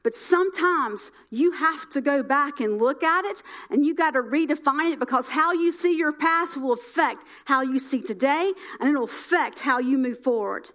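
A high-voiced middle-aged woman preaches, going back over lines for emphasis. Her phrases alternate between booming emphasis and quiet, hushed moments.

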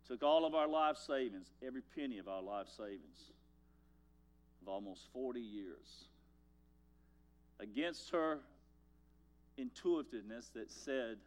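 An older man preaching a sermon as pastor, telling folksy stories and swinging from loud lines to hushed ones. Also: medium pitch, expressive, slow, long pauses.

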